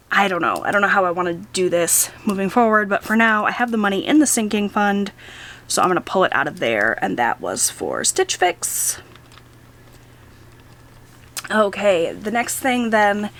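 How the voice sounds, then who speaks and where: A woman in her thirties chatting casually and thinking out loud, with frequent hesitations, as she logs her weekly expenses. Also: medium pitch. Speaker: budgeting vlogger. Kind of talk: casual talk while logging expenses.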